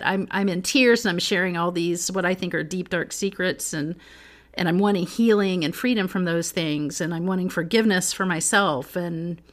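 A woman's voice: fairly low pitch, a bit bright. A middle-aged woman co-hosting a casual faith podcast, telling personal stories earnestly and laughing often. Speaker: podcast co-host.

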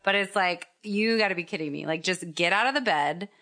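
A woman's voice: on the low side, fairly quick, bright, forceful tone. A woman in casual chat, blunt and swearing, acting out her reactions. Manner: blunt, swears freely, acts out quoted reactions.

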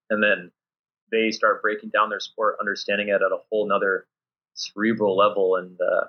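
A volleyball coach talks casually in an interview, his voice somewhat low and husky. He tells stories with energy, putting on quick voices for his players and himself. The recording sounds muffled and lo-fi. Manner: animated storyteller acting out his players and himself. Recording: dull lo-fi audio.

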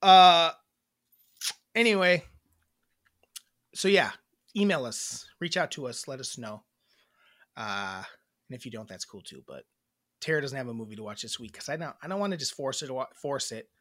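A man chats loosely as a podcast co-host, joking and wandering through his points with plenty of fillers. His voice swings up and down animatedly and has a bright, forceful edge. The sound is dry and close, with no room around it. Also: medium pitch, expressive, normal speed, pauses often, no room sound. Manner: rambling, jokey, many fillers and restarts. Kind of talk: casual chat.

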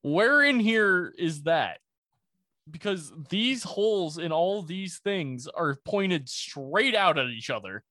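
A man's voice: high-pitched, animated, takes it slowly, pushed and bright, no echo. A young man in casual podcast chat, rambling through an explanation with laughs and the odd curse. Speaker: presenter of a conspiracy topic.

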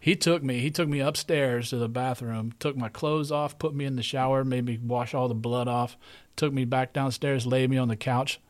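A middle-aged man tells a story in a loose, conversational way, circling back and repeating words as he goes. He talks at a middle pitch and sounds like a relaxed podcast host chatting with a guest. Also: normal speed. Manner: rambling, conversational, repeats himself. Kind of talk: casual storytelling.

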